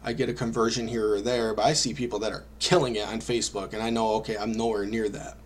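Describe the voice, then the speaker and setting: A man telling his own story as a vlogger, animated and self-deprecating, acting out his own reactions. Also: lowish voice, fast. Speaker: online marketing vlogger. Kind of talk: personal storytelling to camera.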